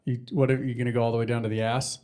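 A young man in casual, crude banter, teasing and profane, firing off quick jokes. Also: mid-range voice, level tone, darkish tone.

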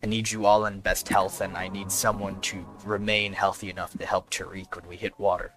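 A man's voice: low voice, level tone, a little fast, a bit bright, soft background music. A man playing a tabletop game, speaking in character and rallying his companions. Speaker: player. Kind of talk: in-character play.

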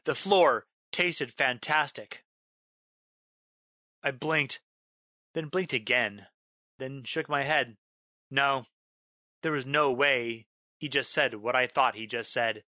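A man tells a first-person horror story in a bright, clear voice, recorded close with no room sound. His delivery is dramatic, stretching out a haunting refrain and erupting into shouts as the tension mounts. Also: mid-range voice, dry recording. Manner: dramatic, slows down on a repeated line, bursts into yelling. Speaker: narrator.

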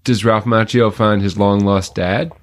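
A man's voice: fairly low pitch, steady tone, measured pace. A man co-hosting a movie podcast, chatting casually with dry, teasing banter. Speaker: podcast co-host. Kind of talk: casual chat.

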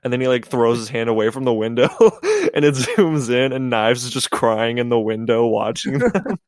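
A man's voice: medium pitch, fairly even intonation, normal speed, no echo, studio quality. Chatty man retelling film jokes. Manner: retells movie jokes with many fillers and laughs. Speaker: podcast co-host. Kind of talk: casual chat. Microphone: video call.

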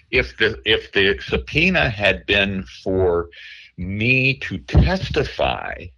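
A man speaking as a guest journalist over the phone, tired from lack of sleep, talking haltingly with many restarts. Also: low-pitched, sharp tone, breathy edge, poor audio. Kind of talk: phone interview.

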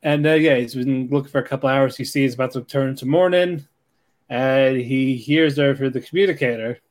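A man co-hosts an anime podcast, trading loose, slangy banter about episodes. He laughs a lot and tosses in mock voices for the characters. His pitch sits in the middle range for a man. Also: brisk. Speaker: podcast co-host. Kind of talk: casual anime recap chat.

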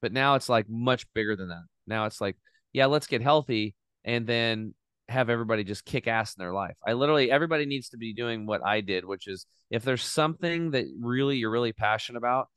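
A middle-aged man telling his story in a casual, animated way as a podcast guest, swearing now and then. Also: medium pitch, fast talker, clear, resonant tone, dry recording, studio quality.

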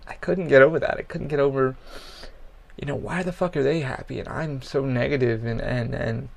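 A man in a middle voice range, gravelly with a rough fry at the ends of phrases. He hosts a personal podcast and talks bluntly and profanely, circling back and restarting his sentences as he goes. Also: medium pitch. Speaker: podcast host. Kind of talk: candid personal podcast monologue.

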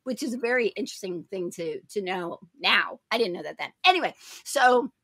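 A woman hosting a faith talk show, telling spiritual stories in an emphatic way, jumping into loud, high voices when she quotes people. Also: expressive, a little fast, slightly rough, no echo. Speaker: host. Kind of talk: animated charismatic testimony chat.

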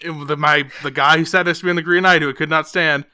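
A man co-hosting a casual podcast chat, rambling and correcting himself as he talks, animated when telling stories. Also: a little high, fast, slight background noise. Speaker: podcast co-host.

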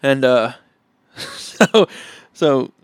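A man's voice: medium pitch, lively intonation, extremely slow, clear, resonant tone, no room sound, studio quality. A man on a casual podcast, telling raucous, profane jokes with relish. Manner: joke teller, raucous and profane.

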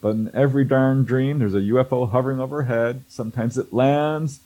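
A man's voice: mid-range voice, fairly quick, hardly any pauses, dark tone, low-quality recording. A man telling a story in casual conversation as a guest, acting out quoted voices and laughing often. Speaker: guest, researcher of contact stories.

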